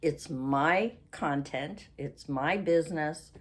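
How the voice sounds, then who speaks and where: A Canadian woman in her sixties hosts a chatty craft vlog, rambling and losing her train of thought before launching into an indignant rant. Her voice sits low and she takes it slowly.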